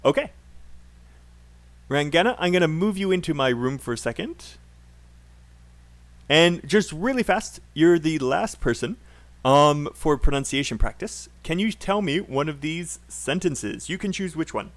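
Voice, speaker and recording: A man's voice: fairly high pitch, lively intonation, unhurried. Upbeat man coaching pronunciation. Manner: encouraging, laughs often, corrects pronunciation. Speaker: English pronunciation teacher. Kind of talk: live online class feedback.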